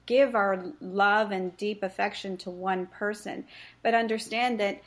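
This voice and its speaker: Woman coach on a podcast, talks earnest, tells client stories, middle pitch. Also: fairly even intonation, unhurried. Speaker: face reading practitioner and coach. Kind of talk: conversational podcast interview.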